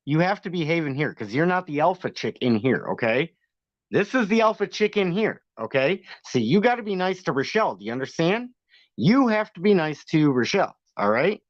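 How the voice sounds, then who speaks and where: A man's voice: sits high, dry recording. A man hosting a livestream, talking casually with a sarcastic, argumentative edge and frequent laughs. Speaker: livestream host. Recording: dull lo-fi dry sound.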